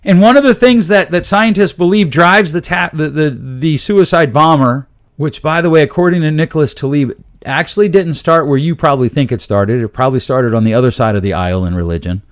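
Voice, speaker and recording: A middle-aged man hosting a parenting podcast, talking in a casual solo monologue full of quick asides, self-corrections and dad jokes. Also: a little high. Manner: jokey, drops dad jokes.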